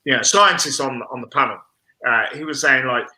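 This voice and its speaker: A man's voice: mid-range voice, a little fast, pushed and bright, low-quality recording. A man on a video-call business chat, talking earnestly in a speechmaking way with frequent restarts. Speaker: panellist on a business chat show. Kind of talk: casual panel discussion.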